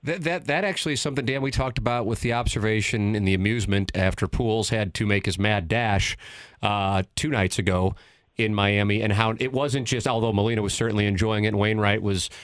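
A man hosting a sports radio show, chatting quickly in friendly banter. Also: lowish voice, steady tone, no echo, studio quality. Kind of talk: casual sports radio talk.

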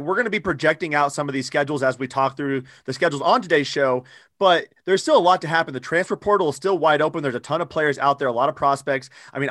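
Brash male podcast host, casual opinionated chat, rapid delivery, dry close sound. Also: on the high side, fairly bright tone, dry recording.

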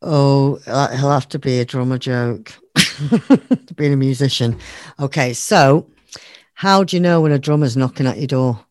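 A woman's voice: a bass voice, a little slow, a little mellow. A woman musician telling a short joke in a casual way. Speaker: guest musician.

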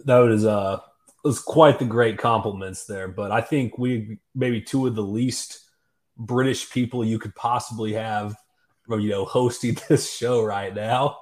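A man's voice: on the low side, steady tone, measured pace, a little mellow. A man co-hosting a sports podcast, talking in a laid-back, hesitant, folksy way. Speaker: podcast co-host. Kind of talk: casual sports podcast chat.

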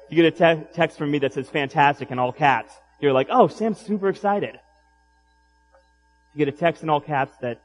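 A man preaching a sermon in an animated, emphatic way, with rhetorical questions to the congregation. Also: medium pitch, low-quality recording. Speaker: pastor.

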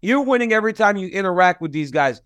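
High-pitched dude hosting, asks straight up leading questions. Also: male voice, expressive, fast, fairly bright tone, clean tone. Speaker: host. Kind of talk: casual interview chat.

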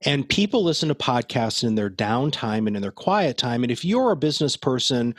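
Husky guy chatting on a podcast, laughy and rambly, dry sound. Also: medium pitch, sing-song, fairly quick, no echo. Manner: chatty, laughing, many fillers and restarts. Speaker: podcast guest, podcast coach. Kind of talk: casual podcast interview. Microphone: headphones and studio mic.

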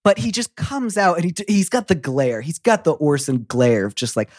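A young adult man hosting a podcast, chatting in an effusive, animated way. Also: fairly high pitch, moderate pace, hardly any pauses, no room sound, clean studio sound. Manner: animated, effusive, breaks into quoted voices. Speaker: podcast host. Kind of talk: casual conversational chat.

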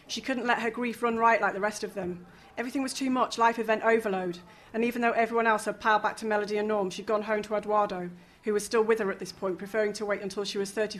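A woman reading a novel aloud, lively, with casual asides and the odd chuckle. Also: mid-range voice. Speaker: reader.

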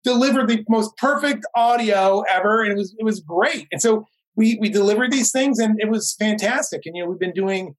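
A man's voice: high-pitched, fairly quick, hardly any pauses, low-quality recording. A man, a guest who produces animation, chatting casually and telling stories on a video call, often restarting his sentences. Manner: rambling, restarts, enthusiastic storytelling.

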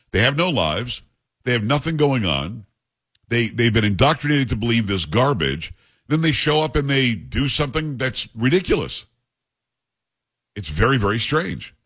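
A man's voice: mid-range voice, fairly bright tone, slightly rough. A man hosting a talk radio call-in show, blunt and opinionated, speaking into a studio microphone. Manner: blunt, opinionated, rapid asides.

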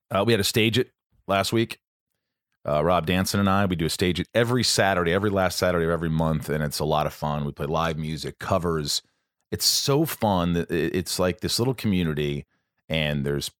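A man hosting a podcast in casual chat, rambling and swearing, with sudden high excited bursts. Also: no room sound, clean studio sound. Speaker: podcast host.

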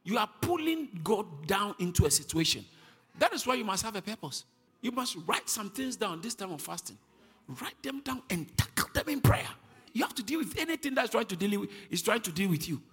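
Male preacher, high animated voice, long hall reverb; quiet teaching that rises to shouted declarations. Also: fairly quick, husky. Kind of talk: sermon.

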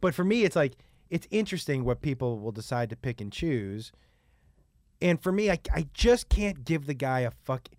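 A man hosting a podcast, talking casually in a blunt, profane, animated way. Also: medium pitch, moderate pace, dry recording, clean studio sound. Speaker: podcast host. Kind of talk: casual conversation.

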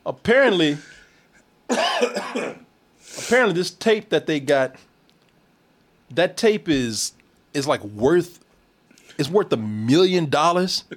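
A man riffs through a movie recap in a loose, profane way, laughing often and stumbling over repeated words. His voice sits high for a man. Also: slow, long pauses. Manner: animated, laughing, repeats himself. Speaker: podcast co-host.

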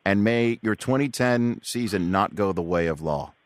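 A man's voice: lowish voice, lively intonation. A man hosting a sports podcast, asking questions, chiming in briefly and wrapping up segments. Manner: brief affirmations and quick wrap-ups. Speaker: podcast host. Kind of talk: interview and show hosting.

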